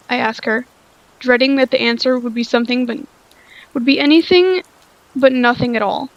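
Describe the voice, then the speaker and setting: A woman's voice: fairly high pitch, moderate pace, no echo, muffled recording. A woman reading a story aloud, sounding tired, stumbling over lines and rereading them. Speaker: story reader.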